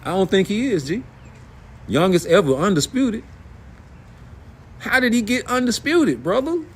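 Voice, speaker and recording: A man's voice: high voice, a little slow, slight background noise. A middle-aged man, hosting a blunt, profane, heated rant about boxing. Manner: blunt, profane, animated, rhetorical questions. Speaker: boxing commentary host.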